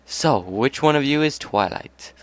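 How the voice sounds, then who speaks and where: A man's voice: mid-range voice, expressive, unhurried, no echo, voice pushed up, natural voice. A man reading aloud and voicing a cheerful, easygoing male pegasus pony. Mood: jovial.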